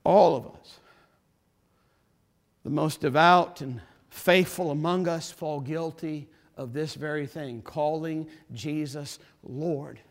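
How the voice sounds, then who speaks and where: A man preaching a sermon as pastor, impassioned, repeating phrases and building to forceful emphasis. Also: a little high.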